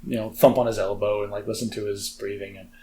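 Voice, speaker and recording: A man's voice: fairly low pitch, level tone, fast talker, warm tone, a little hiss or hum. An American man co-hosting a podcast, talking in a chatty, self-deprecating way with lots of fillers. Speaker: podcast co-host. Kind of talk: casual chat.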